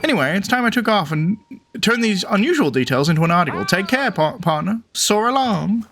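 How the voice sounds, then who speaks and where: A man's voice: high voice, sing-song, fairly quick, a bit bright, a little hiss or hum, heavily acted. A man voicing an eager male bird reporter in a game, friendly and jumpy, who keeps calling the listener partner. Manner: upbeat, calls listener partner.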